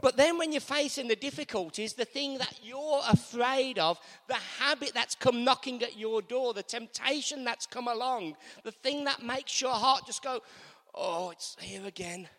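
A man's voice: very high voice, normal speed, hardly any pauses, bright, forceful tone, long reverb tail. A man preaching a sermon in a church, leading the congregation in call-and-response and repeating key lines.

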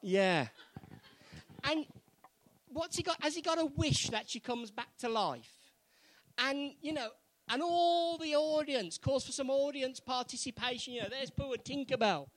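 High-voiced man preaching. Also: animated, measured pace, long pauses, low-quality recording. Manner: builds from quiet earnest pleading to loud fervent exhortation. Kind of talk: sermon.

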